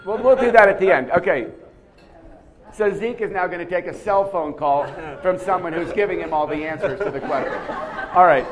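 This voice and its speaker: A man with a slightly high voice runs a quiz for a seminar audience in a conference room. He talks in an animated lecture style, asking questions, calling on people and repeating words as he thinks. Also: moderate pace, a crowd in the background. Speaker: seminar speaker running a quiz.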